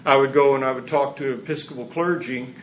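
A man's voice: medium pitch, steady tone, brisk, muffled recording, a little hiss or hum. A man preaching a sermon in a conversational, humorous way, chuckling as he goes. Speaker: pastor.

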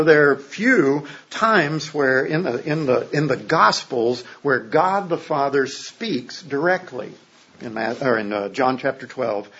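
A man's voice: mid-range voice, a bit bright, lo-fi sound, a little hiss or hum. A man preaching a sermon as a pastor in a casual, joking, conversational way, often checking in with his listeners.

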